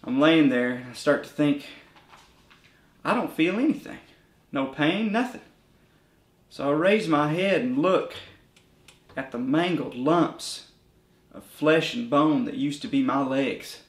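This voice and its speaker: A man plays a crippled former rocker, bitter and crude in his sardonic telling. His slightly high voice carries a roomy echo. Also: a little slow, pauses often, lightly acted. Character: bitter, crippled male ex-rock bandmate. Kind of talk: mockumentary interview.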